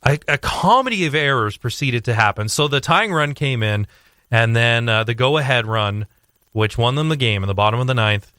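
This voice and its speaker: A young man talking sports on a radio show, rambling with fillers and restarts as he tells a story with growing excitement. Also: mid-range voice, moderate pace, clear, resonant tone, dry recording, studio quality. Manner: animated storytelling. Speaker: sports commentator guest. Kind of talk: casual radio sports chat.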